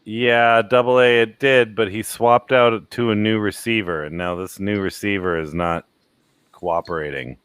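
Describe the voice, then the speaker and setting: A man's voice: fairly low pitch, fairly even intonation, moderate pace, a bit bright, clear, resonant tone, no room sound. A man hosting a live stream, chatting casually and laid-back, swearing now and then. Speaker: streamer host. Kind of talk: casual chat.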